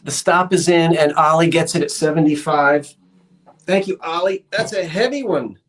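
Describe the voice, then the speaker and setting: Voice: medium pitch, moderate pace, a little hiss or hum. A live-stream sale host in a shop, chatting casually with a rambling, self-deprecating manner, reading out viewer comments and counting down bids. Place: shop, indoors.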